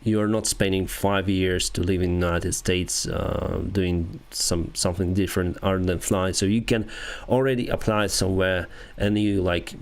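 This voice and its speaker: A man's voice: deep voice, fairly even intonation. Ukrainian-accented man chatting on a live stream. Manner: halting non-native English with restarts and soft laughs. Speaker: airline pilot and live-stream host. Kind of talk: casual live-stream chat answering viewers.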